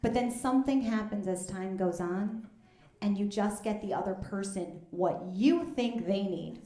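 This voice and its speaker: A woman, doing a deadpan, conversational stand-up comedy set on stage at a live fundraiser show. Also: mid-range voice, a little slow. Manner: deadpan, conversational, drops into asides. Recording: echoey room with loud audience noise.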